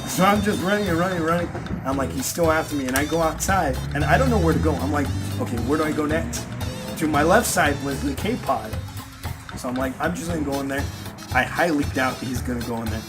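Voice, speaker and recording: A young man casually telling stories to friends, often laughing and acting out loud exclamations. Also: fairly high pitch, fast talker, over music. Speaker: channel host telling stories. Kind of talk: casual storytelling among friends.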